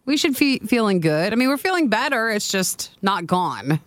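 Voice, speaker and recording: A woman co-hosting a radio show, stuffed up from a cold, quick to laugh and reassuring in casual on-air banter. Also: medium pitch, sing-song, dry recording, studio quality. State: congested with a cold.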